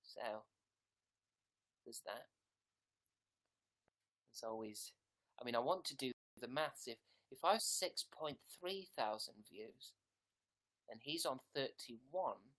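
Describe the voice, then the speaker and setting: A young man chatting casually on a live stream, deadpan and self-mocking, often trailing off into mumbles. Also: mid-range voice.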